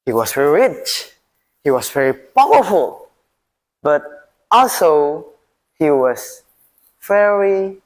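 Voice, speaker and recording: Dramatic teen storyteller, slow and swinging. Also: male voice, fairly high pitch. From Indonesia. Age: teens. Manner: dramatic, swinging delivery with long pauses. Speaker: student storyteller. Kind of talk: competition storytelling.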